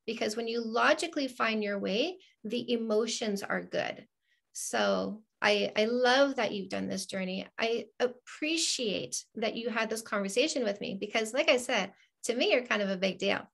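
Gravelly-voiced affirming woman coach. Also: on the high side, moderate pace, a bit bright. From Canada. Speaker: dating coach and host. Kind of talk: interview chat.

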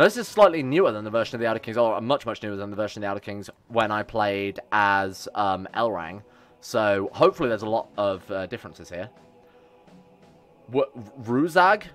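A young man, chatting casually and joking with his chat while he sets up a strategy game on stream. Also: on the low side. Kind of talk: live game commentary. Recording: faint music behind.

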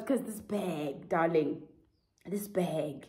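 A woman's voice: lowish voice, takes it slowly, heavy background noise. A South African woman vlogger chatting through a clothing try-on haul, dramatic and gushing, often laughing. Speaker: fashion vlogger. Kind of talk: casual try-on haul chat.

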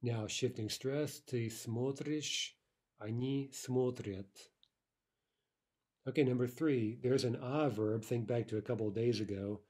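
A man teaching a recorded language lesson. He explains step by step, often asks "right?" and says the example words slowly and carefully. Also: medium pitch, fairly even intonation, dark tone, breathy edge.

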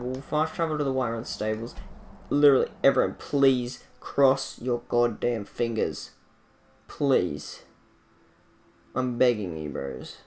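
A man casually commentating his gameplay into a desk microphone, excitable and jokey with loud bursts. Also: mid-range voice. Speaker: gaming channel host.

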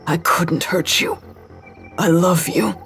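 A woman's voice: on the low side, fairly even intonation, slow, soft background music. A woman doing an unhinged knife-wielding man. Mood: brooding. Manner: breathless and stuttering, swinging between whispers and howled shouts. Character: unstable, tormented man holding a knife, menacing.

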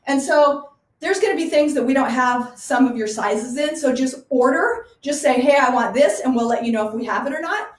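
A woman's voice: sits high, lively intonation, fairly quick, hardly any pauses. A woman who runs a small garage boutique, chatting enthusiastically as she presents clothes in a live online showcase. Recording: echoey room.

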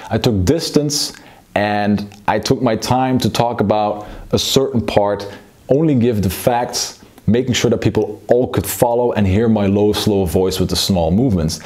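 A Belgian speaking coach gives a public speaking lesson, switching between a slow, low delivery and a fast, excited one to demonstrate the contrast.

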